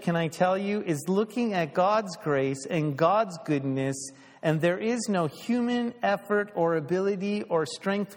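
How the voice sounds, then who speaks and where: A man's voice: a little high, long reverb tail. A male pastor preaching a sermon in a conversational way, asking the congregation questions.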